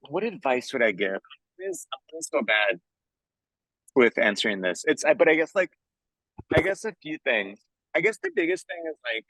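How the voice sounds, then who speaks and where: An earnest, animated man answers interview questions in a loose, chatty way. He keeps dropping in "like" and "you know". The sound is dry, with little room around his voice. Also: medium pitch, dry recording, rough recording. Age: adult, working in theater for years. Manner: enthusiastic, earnest. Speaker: musical theater composer, interview guest.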